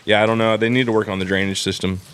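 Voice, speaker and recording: A young man with a Southern Californian accent talks in a slightly low voice in a relaxed, slangy way. He curses freely and drops "dude" into nearly every line. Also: racing, clear, resonant tone. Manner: profane, laid-back slang, lots of "dude". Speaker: podcast co-host. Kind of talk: casual chat.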